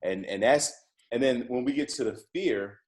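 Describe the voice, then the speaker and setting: A man's voice: medium pitch, normal speed, a little mellow. A man talking as a guest on a podcast, a coach speaking casually with many restarts and fillers. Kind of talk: casual interview chat.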